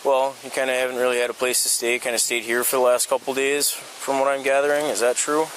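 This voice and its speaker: A police officer who questions calmly, then gives forceful commands. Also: medium pitch, quick pace, rough recording. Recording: police body camera outdoors with faint noise.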